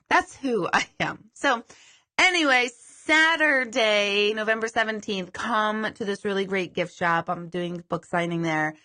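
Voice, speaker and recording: A woman's voice: mid-range voice, unhurried, pushed and bright. A woman hosting a live stream as a psychic medium. She chats casually, mocks herself and swears now and then. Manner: chatty, self-deprecating, swears casually.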